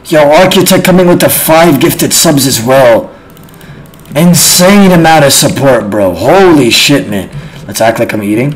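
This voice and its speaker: A man streaming games live, chatting casually with profane trash talk and bursts of shouting. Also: mid-range voice, lively intonation, measured pace, very noisy. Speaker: game streamer. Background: music.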